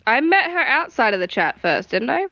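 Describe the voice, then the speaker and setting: A woman with an Australian accent and a lively, rising-and-falling voice, teasing her co-host with sarcastic jokes. The dry, dull mic gives her a lo-fi sound. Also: sits high, normal speed, no echo. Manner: teasing, sarcastic, laughs a lot. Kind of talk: casual banter.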